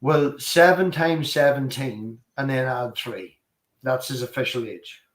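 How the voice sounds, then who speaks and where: A man's voice: mid-range voice, measured pace. Sweary man telling stories. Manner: sweary, animated storytelling. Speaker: podcast host. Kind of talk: casual chat. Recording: roomy echo.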